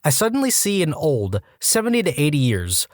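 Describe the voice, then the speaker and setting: A man narrating reader-submitted stories as a podcast host, with animated storytelling and quick asides. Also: fairly high pitch, no room sound, clean studio sound.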